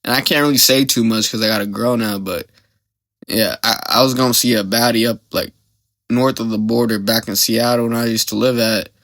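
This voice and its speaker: A man's voice: mid-range voice, steady tone, fairly quick, a bit bright, no room sound. A young man hosting a podcast, telling a story in a rambling, slang-heavy way and often getting sidetracked. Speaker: podcast host.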